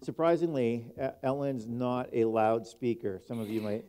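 A male pastor introducing a guest speaker from the pulpit in a relaxed, halting way. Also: medium pitch. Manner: relaxed, halting speech with fillers. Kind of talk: church announcements and introduction.

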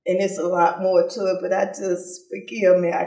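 An older woman gives an emotional personal testimony about her father, halting and tearful, often repeating herself. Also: fairly low pitch, little pitch movement, mellow. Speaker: daughter of a civil rights leader. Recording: roomy sound from far off.

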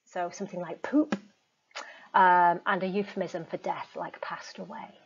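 A woman's voice: on the low side, steady tone, normal speed, slight background noise. A woman teacher giving a recorded lecture in a chatty way, with frequent ums and asides. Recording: dull lo-fi recording.

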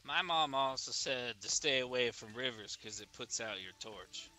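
A man role-playing in a game chat, theatrical, swinging between loud excitement and hushed solemn tones. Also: medium pitch, moderate pace, soft background music. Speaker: roleplaying torchbearer character. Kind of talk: improvised game role-play.

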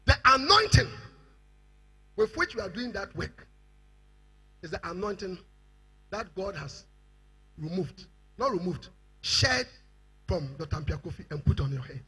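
Ghanaian man preaching, high and very bright voice, husky edge, lively swoops. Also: measured pace, pauses often. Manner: fiery preaching, rising to shouts. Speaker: bishop preaching. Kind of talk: sermon.

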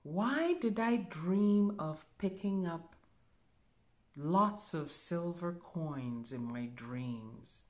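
A woman spiritual teacher giving a calm demonstration, musing aloud and humming softly as she thinks. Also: fairly low pitch. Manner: slow, musing, thinks aloud with soft hums.

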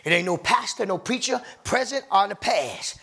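A man preaching a sermon in a church, fervent and rhythmic, laughing between phrases and swelling to shouts. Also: high voice, expressive, moderate pace, gravelly. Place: church sanctuary.

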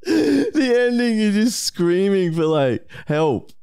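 A man co-hosting a comedy podcast, laughing and swearing through quick remarks. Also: high voice, sing-song, darkish tone, smooth. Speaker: podcast co-host. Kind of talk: casual comedy podcast banter.

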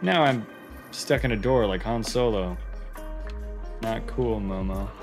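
A man's voice: on the low side, takes it slowly, soft background music. A man casually commenting while playing a video game, joking and talking back to the characters. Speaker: game streamer. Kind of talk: let's play commentary.

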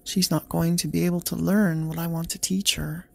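Man reading a worried woman teacher: flat, slow, gravelly. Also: a little high. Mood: concerned. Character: worried female kindergarten teacher.

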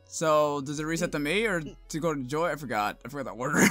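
A man's voice: a little high, fairly quick, a bit bright, dry recording, soft background music. A man co-hosting a group game session, swearing and trading combative jokes with his friends. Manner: crude, combative joking. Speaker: let's play co-host. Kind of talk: casual group chat over a game.

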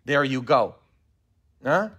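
A man, a pastor leading a Bible study in a church, preaching with animated rhetorical questions and a constant "huh?". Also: mid-range voice, slow pace, breathy edge, muffled recording. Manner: animated, asks the group questions and keeps tagging "huh?".

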